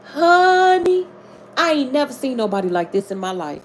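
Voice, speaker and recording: Animated woman chatting on a live stream. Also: medium pitch, fast, a little hiss or hum. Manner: animated, chatty, swears freely, greets viewers. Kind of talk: casual live-stream chat and true-crime storytelling.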